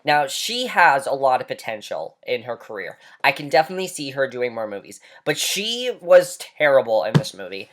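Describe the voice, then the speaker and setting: A man's voice: medium pitch, sing-song, normal speed, few pauses, noisy background. A man ranting through a movie review, heated, blunt and emphatic, swearing now and then.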